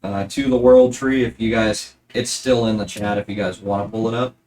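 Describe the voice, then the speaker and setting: A man running a tabletop game as game master, narrating in a relaxed, rambling way with many fillers. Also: on the low side, normal speed.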